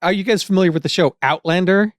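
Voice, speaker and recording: A man co-hosting a podcast, pitching a story idea and joking with the others. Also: quick pace, no room sound, studio quality. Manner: laughs easily, swears casually. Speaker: podcast co-host. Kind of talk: casual chat.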